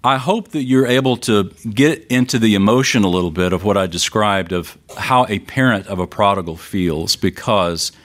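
A man's voice: on the low side, moderate pace, few pauses, fairly bright tone. A middle-aged man preaching a sermon, telling a story with rising and falling emphasis. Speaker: pastor.

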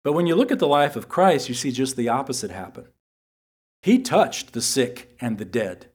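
A man teaching from scripture in an earnest sermon style, reading verses slowly and repeating key phrases for emphasis. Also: fairly high pitch, husky. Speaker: Bible teacher.

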